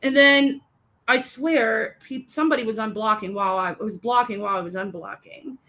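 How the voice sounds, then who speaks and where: Chatty high-voiced livestream host. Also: female voice, moderate pace, pushed and bright. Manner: chatty, rambling, swears freely. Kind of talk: casual livestream chat.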